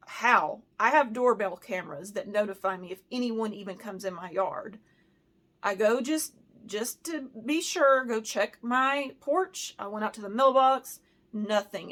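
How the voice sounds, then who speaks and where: A woman's voice: mid-range voice, unhurried, a bit bright. A woman from the United States telling a storytime in a casual vlog, heated and emotional, with lots of "like" and "you know". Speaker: handbag vlogger.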